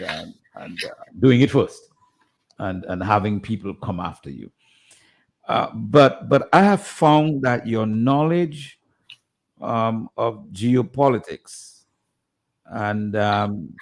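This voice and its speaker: A man on a tribute committee speaking on radio, halting and full of restarts and fillers. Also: on the low side. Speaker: committee member.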